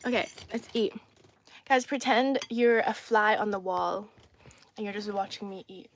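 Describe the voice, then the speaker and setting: A woman's voice: mid-range voice, a little slow, slight background noise. A young woman from China hosting a casual eating live stream, sassy and playful, teasing her viewers and laughing often over a phone mic. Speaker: livestream host.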